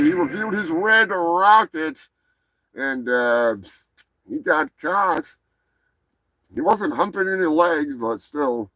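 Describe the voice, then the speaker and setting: Brash, profane male comedy news host; high voice, mock-grand delivery. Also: a bit bright, no room sound, poor audio. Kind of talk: crude comedic news rant.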